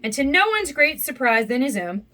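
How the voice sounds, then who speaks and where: A woman reading a children's storybook aloud in an expressive, animated way. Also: sits high, moderate pace. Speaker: storybook reader. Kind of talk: children's read-aloud narration.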